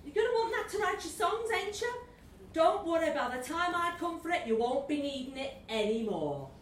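A woman voicing a coarse, cocky male devil with a put-on Liverpool accent, gruff and mocking, in a storytelling reading. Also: very high-pitched, big pitch swings, normal speed, slight background noise, pitched above the performer's own voice. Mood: brash, mocking. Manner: gruff, brash, sniffing, mocking. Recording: echoey room from a distance.

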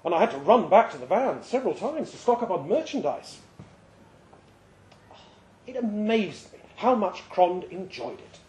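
Lively male reader, roomy live room. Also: high-pitched, normal speed, pauses often, slight background noise. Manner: lively, expressive storytelling. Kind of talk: live reading of a short story. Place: live reading event at a pub. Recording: roomy live venue sound.

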